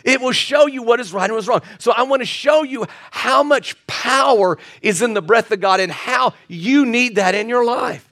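Middle-aged male pastor, unusually high voice, earnest storyteller who trips over repeated words. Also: normal speed, hardly any pauses. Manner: earnest, storytelling, repeats himself when excited. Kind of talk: sermon.

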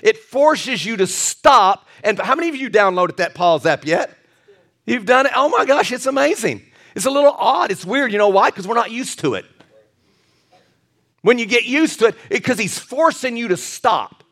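High, bright-voiced male pastor preaching. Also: moderate pace. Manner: animated, repetitive, jokey asides and restarts. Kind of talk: sermon.

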